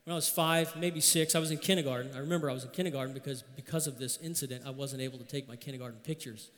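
A man preaching a sermon as pastor, telling a personal story in a relaxed, conversational way. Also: mid-range voice, very fast, big-room sound.

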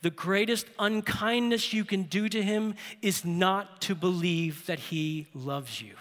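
In a sermon, the pastor tells stories, slowing and lowering his voice for weight before climbing to a loud exhortation. It all rings out with a big-room sound.

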